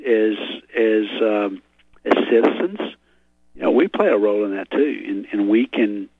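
A man's voice: fairly low pitch, lively intonation, measured pace, husky. A man on a talk radio show, answering hesitantly with many stammered restarts. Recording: dull dry radio audio.

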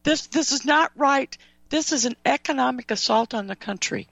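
A woman's voice: high voice, normal speed, vocal fry, a bit bright, dry recording. A woman hosting a talk radio show, ranting angrily about current affairs with apologetic asides. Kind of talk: heated talk radio chat. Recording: dull dry radio audio.

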